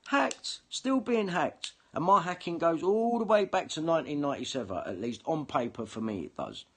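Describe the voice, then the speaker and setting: A man's voice: on the high side, animated, a little fast, slightly rough. A man ranting angrily and swearing in a monologue to camera. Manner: heated, sweary, confrontational. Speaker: vlogger.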